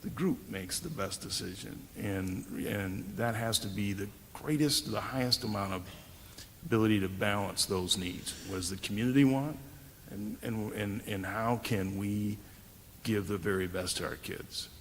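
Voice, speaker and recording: A low-voiced man with heavy gravel in his tone answers as a school board candidate, circling back on himself with restarts and tag questions. A long hall reverb and a faint background rumble surround his voice. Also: normal speed. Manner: rambling, with many restarts and rhetorical "right?". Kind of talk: forum answer.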